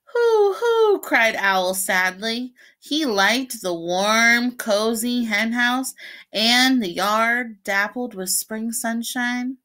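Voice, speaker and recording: Speaking extremely slowly in a slightly high voice, a preschool teacher reads a picture book to children. She pauses between pages to explain the pictures in an animated way.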